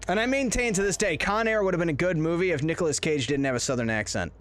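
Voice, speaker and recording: Fast-talking, with a voice on the high side and a fairly bright tone, this man streams a horror game live. He rambles and cracks jokes while playing, chatting casually with his viewers.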